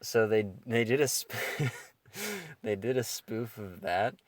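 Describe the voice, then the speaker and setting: A man's voice: mid-range voice, big pitch swings, slow pace, dry recording. A young man co-hosting a podcast in casual chat, who laughs as he retells comedy scenes. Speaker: podcast co-host.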